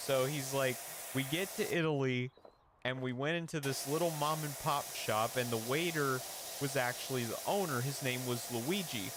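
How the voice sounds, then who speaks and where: A man's voice: mid-range voice, moderate pace, noisy background. A young man streaming and chatting casually, rambling with lots of fillers and little laughs. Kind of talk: casual chat. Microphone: headset or desk mic with an audio interface.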